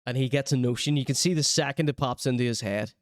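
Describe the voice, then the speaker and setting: A man's voice: mid-range voice, quick pace, no room sound, clean studio sound. A man hosting a podcast, chatting casually and laughing often while he comments on clips. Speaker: podcast host.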